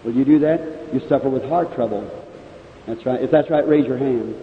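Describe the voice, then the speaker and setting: A man's voice: mid-range voice, moderate pace, a little hiss or hum. A male preacher at a revival healing service, speaking directly to people in the audience and calling out their ailments. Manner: addresses audience members directly, calls out ailments. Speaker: evangelist preacher. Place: large meeting hall. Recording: echoey hall on a tinny old 1950s tape.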